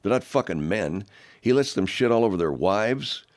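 A middle-aged man hosting a talk show, ranting with heavy profanity in a gravelly manner. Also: expressive, normal speed, a little mellow. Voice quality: very low, gravelly, growly rant. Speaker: radio host.

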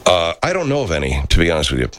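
A middle-aged man who hosts a radio talk show chats casually, fielding viewer comments in a rambling, profane, animated way. His voice is low and he talks at a racing pace.

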